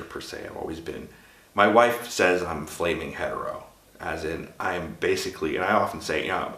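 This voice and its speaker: Chatty low-voiced man with an American accent. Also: fairly bright tone. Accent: American, put on by a Swedish speaker. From Sweden. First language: Swedish. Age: 50s. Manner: chatty and candid, with frequent asides and restarts. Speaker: vlogger. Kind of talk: casual personal monologue. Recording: roomy echo.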